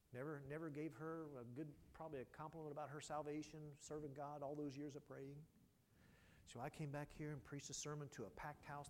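A male pastor preaching a sermon, telling a story with passion and dropping from loud to hushed. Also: medium pitch, slight background noise. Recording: long hall reverb.

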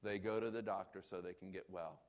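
A man's voice: low voice, steady tone, brisk. A man preaching a sermon as pastor, emphatic and repeating key phrases for weight.

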